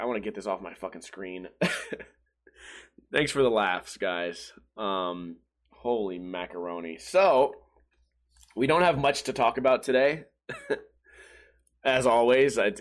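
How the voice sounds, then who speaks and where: A man hosting a podcast in a loose, profane rant, tossing out jokes and wild exaggerations as he tells stories. He talks from a room at home in a mid-pitched voice. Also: fairly bright tone. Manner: profane, joking, exaggerated storytelling with mock voices. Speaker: podcast host. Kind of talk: casual comedic podcast rant.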